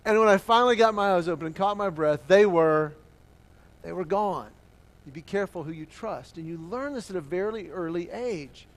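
High-voiced man preaching a story sermon. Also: moderate pace. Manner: animated storytelling with acted-out quotes. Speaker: pastor.

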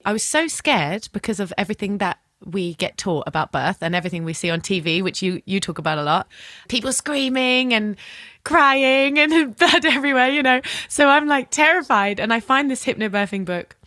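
A woman hosting a podcast, telling a personal story in a lively way, acting out dialogue with casual swearing and frequent laughs. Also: medium pitch, moderate pace, no room sound, studio quality. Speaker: podcast host.

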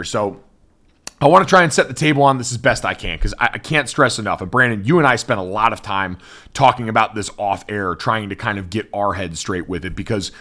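A man hosting a sports podcast in casual, chatty talk full of asides. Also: medium pitch. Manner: chatty, many "like" fillers, lively asides. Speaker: podcast host.

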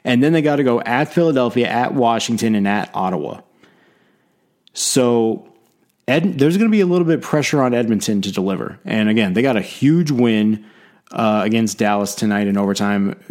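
A man hosting a casual sports podcast, talking in a chatty, rambling way with quick bursts and self-deprecating asides. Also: on the low side, a little mellow. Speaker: podcast host.

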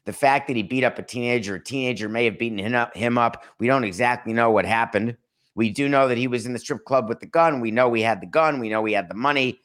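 A man hosting a sports podcast, talking in a dry, mocking tone with deliberate pauses for emphasis. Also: mid-range voice, fairly bright tone. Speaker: podcast host. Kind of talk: sarcastic sports commentary.

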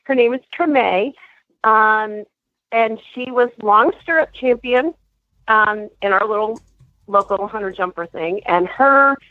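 A woman's voice: fairly high pitch, slow pace, no room sound. Chatty woman caller on a tinny phone line. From New Jersey. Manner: friendly, chatty. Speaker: caller, riding instructor. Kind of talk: call-in conversation.

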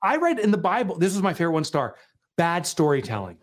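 Animated, laughing man telling stories. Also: high voice, rapid-fire. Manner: animated storyteller, laughs often, acts out quotes. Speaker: author and guest. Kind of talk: casual conversation.

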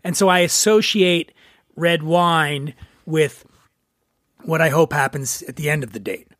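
High-voiced joking male host, dry mic. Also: measured pace, a bit bright, dry recording. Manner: loose, joking, swears freely. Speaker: podcast host. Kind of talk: casual chat.

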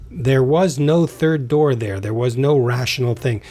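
A man's voice: mid-range voice, measured pace, darkish tone. A man, a Taoist author, talking as a podcast guest in a rambling way, restarting and repeating words. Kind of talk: casual conversation.

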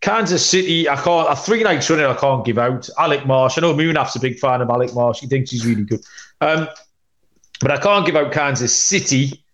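A man's voice: mid-range voice, animated, fairly quick, a bit bright. A man hosting a sports betting podcast, chatty and rambling with many ums, tossing in cheeky asides. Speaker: podcast host, betting analyst.

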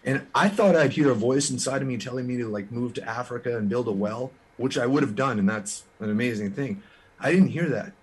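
His voice is mid-range with a breathy edge: a Canadian musician being interviewed as a guest. He shares his story frankly and earnestly, often restarting mid-thought.

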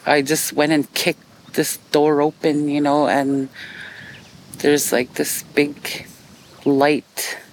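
Interviewee: middle-aged woman from Canada, halting and unhurried, faint hiss behind her. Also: low-pitched, flat delivery, rough recording. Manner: hesitant, full of fillers and restarts. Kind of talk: reflective documentary interview.

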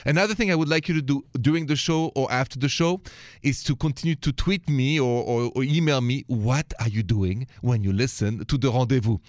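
A man hosts a late-night radio advice show in a studio. His voice is mid-pitched, close and dry. He talks to callers in an encouraging, chatty way. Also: brisk, no echo. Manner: warm, encouraging, speaks with a thick accent. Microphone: studio microphone.

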